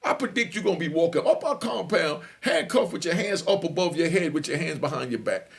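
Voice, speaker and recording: A man's voice: on the high side, sing-song, brisk, gravelly. A man voicing a condescending male prison officer in his own story, scolding and dismissive.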